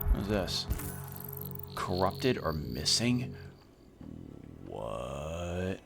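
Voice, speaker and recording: A male streamer with a deep voice gives loose, animated commentary while he plays, swinging widely between low grumbles and sharp outbursts and swearing freely. Faint game music plays in the background. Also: a little slow. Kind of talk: casual gameplay commentary.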